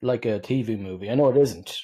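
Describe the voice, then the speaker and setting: A man's voice: on the low side, quick pace, a crowd in the background. A man co-hosting a podcast, chatting casually about a film with dry, wry remarks. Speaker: podcast co-host. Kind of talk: casual movie review chat.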